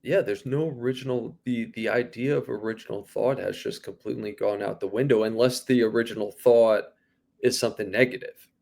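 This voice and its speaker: Gravelly guy rambling and cussing on a sports podcast, stops and restarts a lot. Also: on the low side, fairly even intonation, fairly quick, darkish tone. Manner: rambling, swears, many restarts. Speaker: podcast co-host. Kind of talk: casual sports chat.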